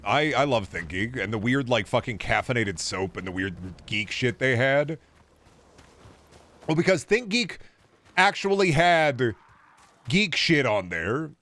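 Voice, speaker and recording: A man streaming a video game, chatting casually with a rambling, profane, often animated delivery. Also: mid-range voice, normal speed. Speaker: gaming streamer. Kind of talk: casual live-stream chat.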